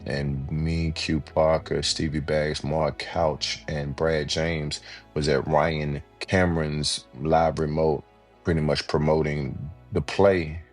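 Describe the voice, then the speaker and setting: A man with a strikingly deep voice tells his own story as an interview guest. He talks casually and animatedly, often saying "you know what I mean" and acting out other people's lines. Faint music plays underneath. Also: level tone, slow pace. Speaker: podcast guest.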